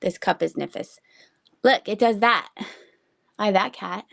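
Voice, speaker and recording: A woman's voice: mid-range voice, unhurried, gravelly, fairly bright tone, slight background noise. A woman hosting a casual live-selling stream from home, rambling between items and reading out viewer comments. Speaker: livestream seller. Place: home room with shelves.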